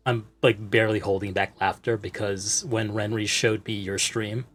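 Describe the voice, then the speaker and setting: A man hosting a casual live-streamed podcast, quick and chatty. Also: fairly low pitch, little pitch movement, a bit bright. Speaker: podcast host.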